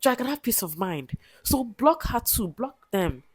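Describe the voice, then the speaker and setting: A woman's voice: fairly high pitch, sing-song, moderate pace, slightly rough, no echo. A woman, giving a casual motivational talk to camera, repeating herself with pleading, emphatic encouragement. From Nigeria. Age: 20s. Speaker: vlogger.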